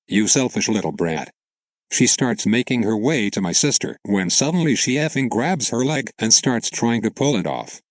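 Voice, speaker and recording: A man's voice: medium pitch, expressive, moderate pace, few pauses, no echo. A man narrating an online story aloud in a plain, matter-of-fact way.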